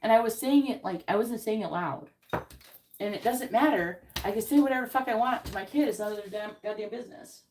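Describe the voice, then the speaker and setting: A woman's voice: on the high side, a little fast, darkish tone, a little hiss or hum. A woman who hosts tarot readings, telling a story in an indignant, casual rant full of swearing and fillers. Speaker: tarot card reader host.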